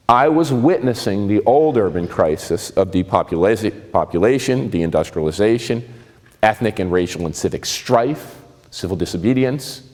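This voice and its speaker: A man in his sixties from New Jersey with a New Jersey accent, telling personal stories in a lively, conversational and self-mocking way. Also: lowish voice, in a large hall. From New Jersey, USA. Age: 60s. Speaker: speaker giving a talk. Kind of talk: personal storytelling talk.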